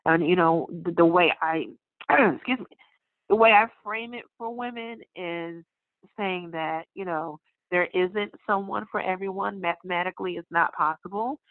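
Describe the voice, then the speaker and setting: A woman speaking as a podcast guest in a frank, blunt and wry way, now and then clearing her throat. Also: fairly low pitch, normal speed, dry recording. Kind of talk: candid conversation. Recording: tinny phone-line audio.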